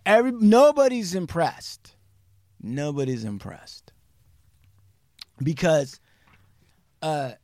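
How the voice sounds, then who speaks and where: A man hosting a podcast, telling a true crime story casually and acting out the quotes with sudden jumps in pitch and some swearing. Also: no room sound, clean studio sound. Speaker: podcast host.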